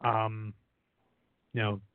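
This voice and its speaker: A man's voice: on the low side, completely flat delivery, extremely slow, clean tone, no echo. Opinionated man on a tinny line. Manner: opinionated, repeats "you know". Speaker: podcast co-host. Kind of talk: casual sports chat. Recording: dry, tinny phone-like audio.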